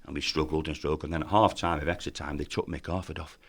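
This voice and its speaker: A man in his fifties, a former footballer, telling lively anecdotes in a podcast interview and acting out other people's lines. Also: rumbling low, fast, a crowd in the background. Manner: lively storyteller who acts out voices in his tales.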